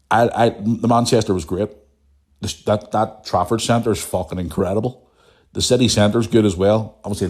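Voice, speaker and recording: Young male podcast host, lowish pitch, casual sweary banter. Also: darkish tone. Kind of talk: casual ranting chat, reading listener emails.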